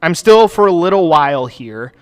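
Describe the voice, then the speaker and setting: A man's voice: a little high, sing-song, moderate pace, a little mellow, clean tone. A man hosting a gaming channel, talking casually over gameplay in a rambling, profane, self-deprecating way with many fillers. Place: home recording space.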